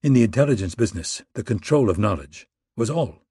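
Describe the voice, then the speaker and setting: A man reading an audiobook chapter in a measured, steady narration on a close studio mic. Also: on the low side, husky, no echo.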